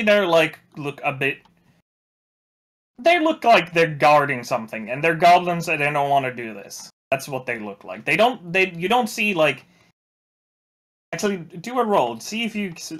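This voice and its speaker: A male game master narrates a tabletop session in a slightly high voice that rises and falls a lot. He stops and restarts often and fills the gaps with "um" and "like". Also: big pitch swings, fairly bright tone. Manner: halting, full of fillers and restarts.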